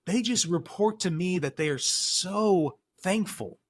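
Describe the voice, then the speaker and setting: Middle-aged man, counselor guest; slightly high voice, emphatic, acts out dialogue, dry close mic. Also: lively intonation, unhurried, no echo. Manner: earnest, emphatic, acts out dialogue while storytelling. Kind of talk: podcast interview.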